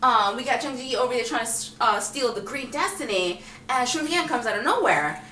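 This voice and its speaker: Female vlogger, bright, lively delivery, slightly higher pitch, roomy echo. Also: a little fast, slight background noise. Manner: animated, acts out characters' lines. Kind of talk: casual film review chat. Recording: roomy echo, distant mic, faint music.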